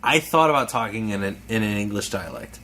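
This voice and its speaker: A young man co-hosting a casual podcast, telling a story in a halting, rambling way. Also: fairly low pitch, animated, sharp tone. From United States. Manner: rambling, halting, restarts a lot. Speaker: podcast co-host. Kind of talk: casual chat.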